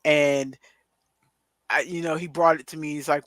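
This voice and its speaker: A woman's voice: sits low, steady tone, a little slow, dry recording. A middle-aged woman co-hosting a podcast over a video call, rambling chattily with many asides. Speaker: podcast co-host. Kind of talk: casual chat.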